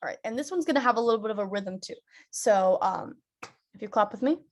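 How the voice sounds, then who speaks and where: A woman's voice: mid-range voice, expressive, quick pace. A woman teaching an online theatre lesson, leading rhythmic nonsense-syllable chants and talking directly to young students.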